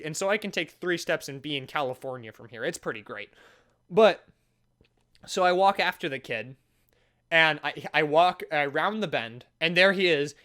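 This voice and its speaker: A young man telling a storytime vlog, animated and sarcastic, often stopping and restarting mid-sentence. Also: on the high side. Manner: animated, sarcastic, jokey with frequent self-interruptions. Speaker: vlogger.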